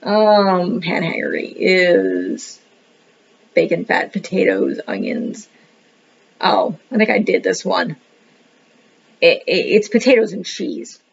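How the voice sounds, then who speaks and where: A woman with a low-leaning, creaky, slightly rough voice gives a casual book review, speaking slowly and pausing often. She rambles and thinks aloud as she leafs through the pages, frequently saying "what the heck," on a dull lo-fi recording.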